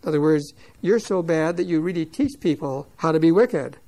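A man teaching verse by verse, reading scripture slowly and loudly, then explaining it quickly in plain words. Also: a little high, low-quality recording. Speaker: Bible teacher. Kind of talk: verse-by-verse Bible commentary.

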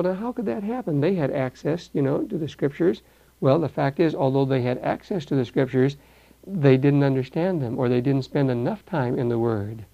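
An older man teaching verse by verse through a Bible passage, animated and acting out the voices in the story. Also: mid-range voice, dull audio. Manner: animated, acts out voices, repeats words.

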